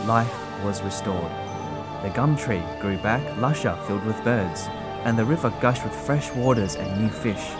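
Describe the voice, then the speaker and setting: A man narrating a storybook tale in a gentle, expressive way. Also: lowish voice.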